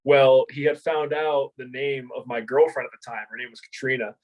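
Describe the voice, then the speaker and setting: A man's voice: mid-range voice, fairly even intonation, normal speed, poor audio. Laughing, profane storyteller man. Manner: swears freely, laughs through his stories; rambling with many fillers and restarts. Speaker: former Marine and martial arts instructor, guest. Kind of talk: casual storytelling interview.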